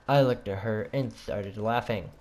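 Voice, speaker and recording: A man's voice: on the low side, unhurried, a little mellow, slight background noise. A teenage boy telling a story from school in a casual vlog, rambling and joking, often stopping to correct himself. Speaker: student vlogger.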